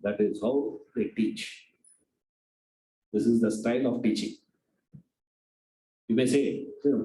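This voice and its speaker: A man's voice: medium pitch, dark tone. A man teaching a scripture class, asking his students rhetorical questions. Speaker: Vedanta teacher. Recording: echoey room.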